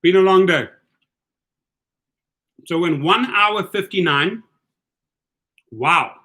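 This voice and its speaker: A middle-aged man with a South African accent and a fairly high voice runs a livestream chat. He coaches his listeners with energy and tends to restart and repeat his words. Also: lively intonation, takes it slowly, sharp tone. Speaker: host. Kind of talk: livestream chat giving advice.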